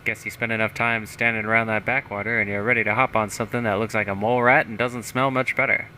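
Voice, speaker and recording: This is a sleazy mayor who cannot stop admiring his own schemes, as a man puts him on while reading. He sounds smug and boastful and adopts a put-on accent. His tone is piercingly bright. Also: mid-range voice, normal speed, a little hiss or hum, pitched above the performer's own voice, poor audio. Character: sleazy scheming male small-town mayor.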